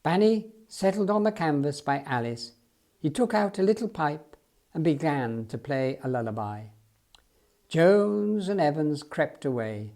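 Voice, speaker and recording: A man reading a children's story aloud in an expressive, storytelling way. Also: fairly high pitch, measured pace. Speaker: storybook reader.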